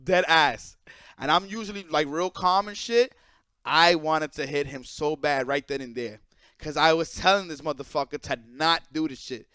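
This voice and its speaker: A man hosting his own channel, telling a story in a casual, animated and profane way. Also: fairly high pitch, normal speed, clear, resonant tone, no echo, clean studio sound. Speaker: channel host.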